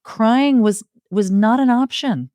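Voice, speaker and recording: A middle-aged woman telling stories in an interview, expressive and building long rhythmic lists. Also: on the high side, slow pace, clear, resonant tone, dry recording, clean studio sound. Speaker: podcast guest, circle facilitator. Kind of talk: conversational interview.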